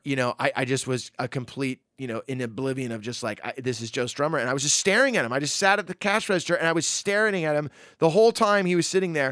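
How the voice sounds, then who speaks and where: A man telling a personal story in a casual, animated way, acting out quotes and using lots of fillers. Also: a little high, no room sound, clean studio sound.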